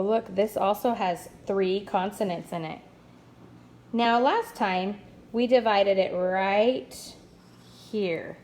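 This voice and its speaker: A woman teaching a first-grade phonics lesson, explaining slowly and patiently with upbeat praise. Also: mid-range voice, a little mellow, slight background noise.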